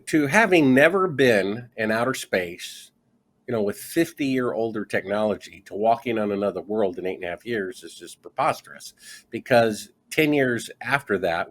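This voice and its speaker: Low-voiced man telling an animated story. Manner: animated storyteller acting out quoted dialogue. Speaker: guest author. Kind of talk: conversational interview.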